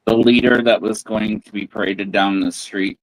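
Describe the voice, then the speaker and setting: A man's voice: on the low side, fairly even intonation, normal speed, low-quality recording. A man co-hosting a casual livestream, speaking hesitantly with many fillers. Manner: hesitant, filler-heavy, laughs along. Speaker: co-host.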